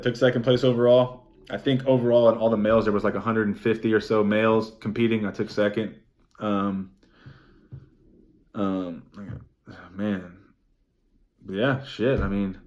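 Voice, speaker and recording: A young man recapping his race in a vlog, excited and rambling, swearing freely and saying "like" often. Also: lowish voice. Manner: excited, rambling, swears a lot, many "like" fillers. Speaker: vlogger.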